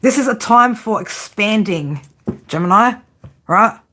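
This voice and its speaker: A woman giving a tarot reading, blunt and profane, often tagging her points with a quick "right?". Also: mid-range voice, lively intonation, sharp tone, slight background noise. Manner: frank tough-love delivery. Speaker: tarot reader.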